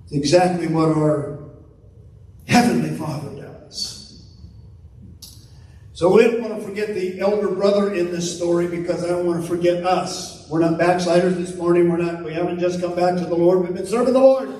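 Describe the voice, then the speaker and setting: Middle-aged male pastor, high voice, preaching with big swings from hushed to loud, church echo heard from a distance. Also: moderate pace. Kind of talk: sermon. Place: church sanctuary.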